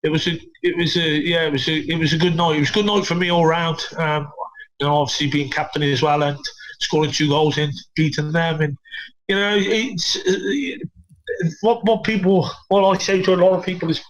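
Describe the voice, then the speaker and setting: A man's voice: fairly high pitch, flat delivery, fairly quick, low-quality recording. A middle-aged man, a former footballer, telling stories casually and swearing a lot. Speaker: podcast guest, former footballer.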